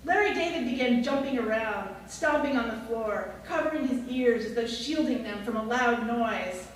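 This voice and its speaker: A woman's voice: on the high side, lively intonation, normal speed, slight background noise. Woman storyteller, wry, reading to a live audience; echoey room, distant mic. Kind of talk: reading a personal essay aloud to an audience.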